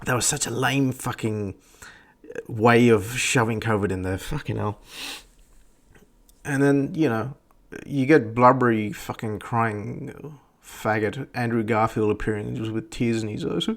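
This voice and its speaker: A man's voice: medium pitch, fairly even intonation, unhurried, creaky. Scornful, foul-mouthed man. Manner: crude, scornful and blunt. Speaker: podcast host. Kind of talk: profane ranting commentary.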